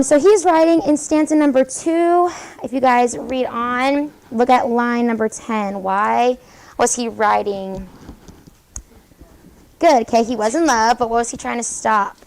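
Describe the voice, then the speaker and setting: A woman teaching a high school English class, brisk and encouraging, questioning students as she goes. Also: vocal fry, poor audio. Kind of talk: classroom lesson.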